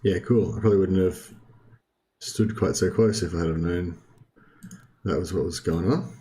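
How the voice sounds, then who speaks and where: A young man with a deep, low voice talks through his strategy game as he plays. His delivery is relaxed and meandering, full of filler ums, restarts and the odd throat clearing. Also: moderate pace. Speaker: gaming video host. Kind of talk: casual let's-play commentary.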